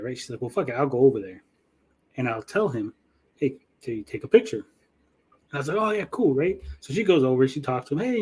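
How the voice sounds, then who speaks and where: A middle-aged podcast host with a medium-pitched, breathy-edged voice tells a story on a casual show. He swears a lot and animatedly acts out the quotes.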